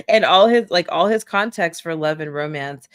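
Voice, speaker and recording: A woman's voice: on the low side, no echo, clean studio sound. A woman co-hosting a book club podcast in casual chat, chatty and laughing often, acting out lines in playful voices. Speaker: podcast co-host.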